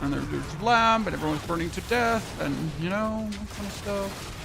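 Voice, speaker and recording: A man with a German accent rambles through casual stream chatter, swearing now and then and laughing at his own jokes. His voice sits a little on the high side. A steady layer of background noise runs under him. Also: moderate pace, gravelly. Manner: rambling, talks to chat, swears, laughs at himself. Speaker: game streamer. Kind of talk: casual live-stream chat.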